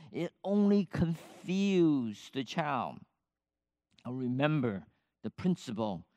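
An older man preaching a sermon, slow and measured, with emphatic rises on key points. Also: mid-range voice, dry recording. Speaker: pastor.

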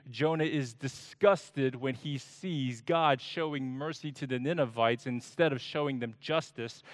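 A male pastor delivers a sermon at an unhurried, measured pace. His mid-pitched voice sounds close and dry. He breaks into animated quoted speech to bring the text alive. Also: dry recording. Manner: slow, deliberate preaching with dramatic voiced quotes.

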